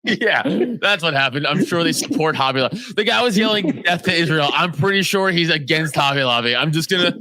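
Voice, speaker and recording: A man's voice: on the high side, expressive, a little fast, few pauses, sharp tone. A man co-hosting a podcast, joking around with plenty of swearing and laughter. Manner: joking, profane, laughs often. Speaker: podcast co-host. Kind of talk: casual chat.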